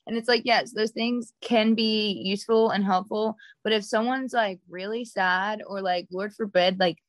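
A woman's voice: mid-range voice, steady tone, moderate pace, no echo. A woman co-hosting a casual podcast chat, explaining earnestly with casual swearing.

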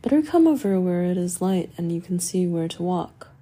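Woman doing a soft gentle guy, kind and calm, mellow husky voice. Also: sits high, normal speed. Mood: gentle concern. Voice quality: unusually soft for a man.

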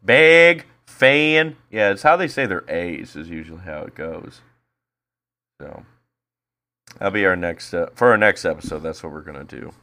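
A man's voice: low-pitched, expressive, moderate pace, pauses often, bright, forceful tone. A man co-hosting a podcast, chatting casually and making crude jokes. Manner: crude, joking. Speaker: podcast co-host. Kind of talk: casual chat.

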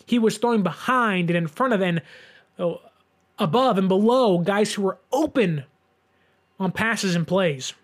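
Male sports host in his twenties, deliberate unhurried delivery, emphatic rant. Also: high voice, animated. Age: 20s. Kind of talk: solo sports commentary.

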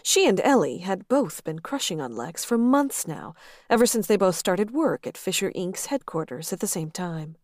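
A woman reading a romance novel aloud in a steady, expressive narration. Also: lowish voice, normal speed, dry recording, clean studio sound. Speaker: audiobook narrator.

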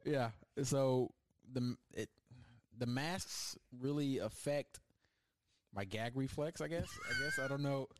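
A man's voice: medium pitch, wildly swooping pitch, takes it slowly, no echo. A young man hosting a podcast, chatting casually and rambling through funny stories. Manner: joking, rambling storyteller. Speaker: podcast host. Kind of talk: casual chat.

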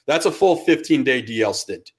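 A man's voice: mid-range voice, expressive, normal speed. A man with a New York accent, co-hosting a sports podcast in casual chat, ranting heatedly and swearing. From Connecticut. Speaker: podcast co-host.

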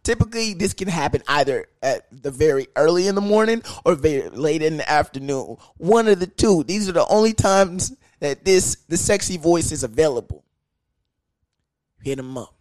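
A young man hosting a podcast, talking in a crude, animated, comedic monologue that keeps jumping into high sing-song bits. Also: normal speed, dry recording. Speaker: podcast host.

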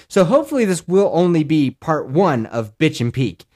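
A man's voice: on the high side, sing-song, fairly quick, hardly any pauses, a little mellow. A man in his thirties from the Colorado mountains, hosting a podcast and telling a rambling, profane story in casual chat. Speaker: podcast host.

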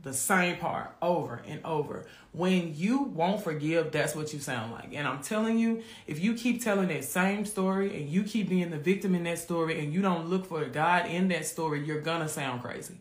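A man's voice: fairly high pitch, normal speed, few pauses, echoey room. A man from hosting a live faith podcast, chatting casually and often calling listeners "friend". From Memphis, USA. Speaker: podcast host.

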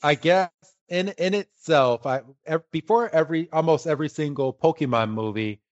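A man's voice: on the high side, normal speed, no room sound, muffled recording. A man hosting a casual podcast, joking around and laughing easily with his co-host. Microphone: remote call line.

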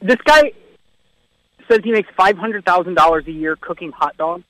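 High-voiced man reacting in disbelief. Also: lively intonation, moderate pace, pushed and bright, no echo, low-quality recording. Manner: brief incredulous reactions. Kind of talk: casual chat reactions. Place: radio studio.

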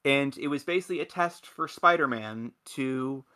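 A man's voice: mid-range voice, normal speed, sharp tone. A man in casual podcast chat, rambling and enthusiastic, with many restarts. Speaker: podcast host.

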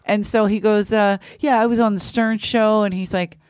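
A woman's voice: medium pitch, fairly even intonation, moderate pace, darkish tone, clean tone, no room sound. Chatty woman podcast host, dry studio mic. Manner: chatty storyteller, swears freely, laughs often. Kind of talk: casual chat.

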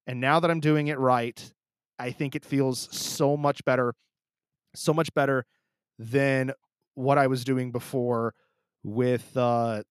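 A man hosts his own podcast, talking casually on his own while teary and emotional, rambling and restarting often. His mid-range voice is slow, clear, and resonant with fairly even intonation. He's close on the mic in a dry recording.

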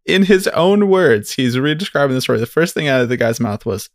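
A man co-hosting a podcast in loose, joking chat, with a gravelly edge at mid pitch. He laughs often between dry asides. The recording is close and dry, with no room sound. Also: animated, fairly quick, no room sound. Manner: laughs often, quotes clips dryly. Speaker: podcast co-host. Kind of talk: casual chat.

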